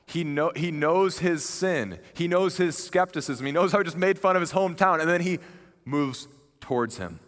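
A man's voice: a little high, moderate pace. Earnest young male preacher in a hall. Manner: conversational and earnest, animated retelling. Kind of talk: sermon. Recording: long reverb of a large hall.

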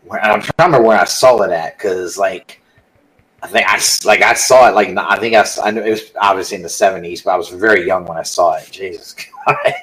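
A middle-aged man with a low voice swears freely in casual chat. He halts and restarts as he searches for his words. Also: fairly bright tone, a little hiss or hum, rough recording. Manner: profane, halting, searches for words.

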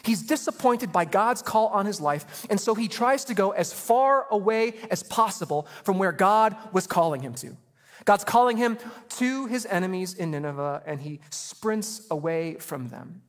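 A man preaching a sermon, retelling a story in a casual, animated way with slang. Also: high voice, moderate pace, big-room sound. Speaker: pastor.

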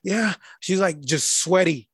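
A man's voice: high voice, slow, husky, dry recording, studio quality. A man telling a profane story in casual chat, acting out the people he quotes. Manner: animated, acts out the people he quotes.

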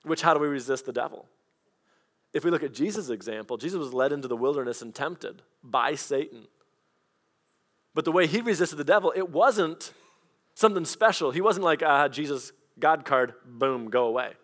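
Man, pastor, sermon, conversational storytelling, somewhat high pitch. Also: fairly quick, a bit bright.

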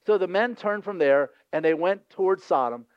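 Male pastor, lively conversational sermon, slightly high voice, dull lo-fi recording. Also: moderate pace, clean tone, no room sound. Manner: lively, conversational, acts out voices in scripture scenes.

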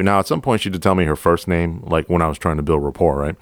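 A man, a police officer hosting a podcast, telling a work story in a calm, casual, profane, deadpan way. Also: deep voice, fast talker, few pauses, dry recording.

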